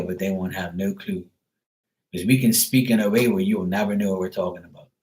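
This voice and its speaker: A man's voice: on the low side, poor audio. A man from Bermuda with a Bermudian accent, chatting loosely on a live stream, full of "like" and casual swearing. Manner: loose and rambling, heavy on "like", swears freely. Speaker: tarot reader, live streamer.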